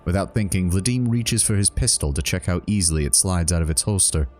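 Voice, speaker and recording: A man's voice: deep voice, fairly quick, a little mellow, soft background music. A man narrating as game master of a tabletop role-playing game, then rambling and correcting himself in casual chat with the players. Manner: rambling, self-correcting when chatting.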